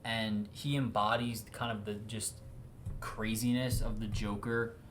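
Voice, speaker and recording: A young man co-hosting a casual movie chat, animated, often repeating words as he restarts his point. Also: lowish voice, measured pace, slight background noise. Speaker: podcast co-host.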